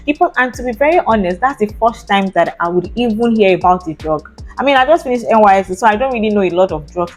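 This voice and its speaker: A young Nigerian-accented woman speaks at a middling pitch in a lively, chatty storytime vlog. She tells her story with animated asides and local slang. Soft music sits faintly behind her voice. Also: fast, few pauses. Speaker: vlogger.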